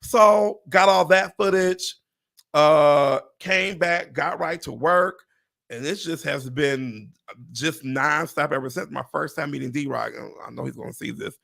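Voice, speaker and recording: A man hosting a livestream chat, telling a story with excitement, acting out what people said, swearing and laughing often. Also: a little high, unhurried, creaky. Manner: animated, acts out quotes, swears, laughs often. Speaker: real estate agent and livestream host.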